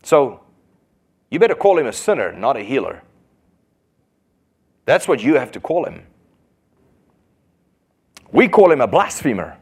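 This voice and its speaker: A man preaching who voices scornful male religious leaders in a raised, mocking tone. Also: medium pitch. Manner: mocking, commanding, raised and loud.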